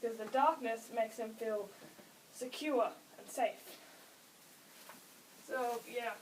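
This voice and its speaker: A teenage girl with a high voice rambles through a casual how-to, stopping to correct herself and adding quick giggly asides. She sounds set back from the microphone, with a faint hiss of background noise underneath. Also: distant mic, rough recording. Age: late teens. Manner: chatty, self-interrupting, giggly asides. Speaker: vlogger explaining pet training.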